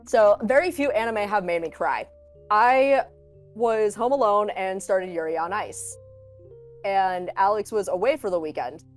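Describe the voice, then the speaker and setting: A woman, a content creator, chatting as a guest in a casual interview, telling lively stories and acting out quotes with laughter. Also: mid-range voice, measured pace, soft background music. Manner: animated storyteller, acts out quotes, laughs often.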